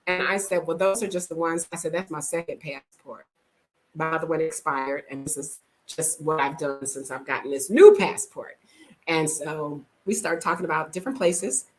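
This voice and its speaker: Speaking to camera at a moderate pace, a middle-aged American woman shares frank, animated stories and impersonates the people in them. Her voice is low, with slight background noise and rough recording quality.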